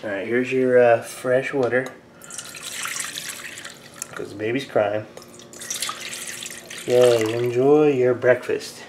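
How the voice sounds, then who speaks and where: A man's voice: medium pitch, fairly even intonation, slow, long pauses, a little mellow, slight background noise. A young man filming a casual home vlog, a father who rants and swears at his cats in between baby talk. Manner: swearing, exasperated rants at pets. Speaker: vlogger, dad. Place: home, indoors.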